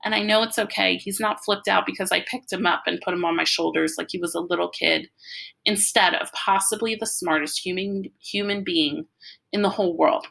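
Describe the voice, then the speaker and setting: Woman reading a novel, bright tone. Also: on the low side, brisk, creaky. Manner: lively first-person narration. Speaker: audiobook reader.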